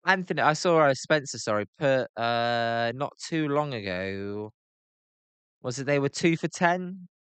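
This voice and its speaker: British male streamer, casual play-by-play, smooth clear voice, dry close sound, gripes and chats with viewers. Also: medium pitch, lively intonation, a little slow, fairly bright tone, dry recording. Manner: chatty, answers chat by name, grumbling. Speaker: live-stream host. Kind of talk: casual live play-by-play reaction.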